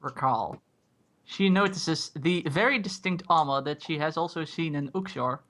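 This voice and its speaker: A man's voice: fairly high pitch, moderate pace, fairly bright tone. A man narrating a tabletop game as dungeon master, laughing between lines.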